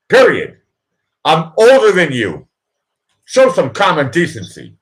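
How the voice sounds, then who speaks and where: A man's voice: huge pitch swings, a little slow. A man with a Boston accent, hosting a live chat and coaching a nervous guest with repeated mantras. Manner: emphatic, repetitive coaching, swings loud and high on mantras. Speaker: host and producer. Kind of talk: live chat pep talk.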